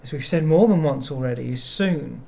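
A man giving a sermon, speaking in a measured way and reading verses aloud. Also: mid-range voice, gravelly, mellow, slightly rough. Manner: slow, measured delivery with verses read aloud. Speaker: preacher.

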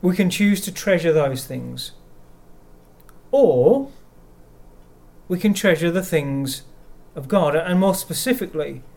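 A man giving a sermon, speaking in a measured way and reading verses aloud. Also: a little high, a little mellow. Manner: slow, measured delivery with verses read aloud. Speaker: preacher.

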